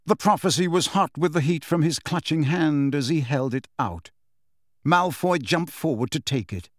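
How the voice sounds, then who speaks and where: A man narrating an audiobook in an expressive, dramatic storytelling style. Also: fairly high pitch, normal speed, no room sound, studio quality. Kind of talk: scripted narration.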